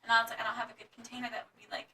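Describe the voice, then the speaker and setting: A woman's voice: a little high, completely flat delivery, very fast, bright, forceful tone. A young woman co-hosting a podcast, telling rambling, giggly stories in casual chat. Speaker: podcast co-host. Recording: distant mic with faint background noise.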